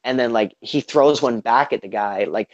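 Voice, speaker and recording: A man's voice: medium pitch, moderate pace, no echo. A man in casual political chat, rambling with lots of fillers and swearing, acting out the quotes he retells. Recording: dull lo-fi sound, dry.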